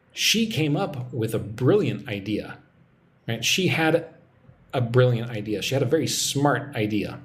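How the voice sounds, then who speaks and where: A man giving a live-streamed English lesson, relaxed and chatty as he reads out viewer comments. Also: mid-range voice, a little hiss or hum. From United States. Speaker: English teacher.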